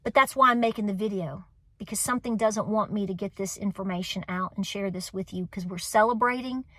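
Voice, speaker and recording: A woman's voice: medium pitch, brisk, a bit bright, no room sound. A woman in her forties with a Southern US accent, hosting a homestead vlog, talking to her viewers in an earnest, emotional, encouraging way, close to tears and repeating phrases for emphasis. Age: 40s. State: tearful. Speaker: homestead channel host. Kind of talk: heartfelt vlog talk to viewers.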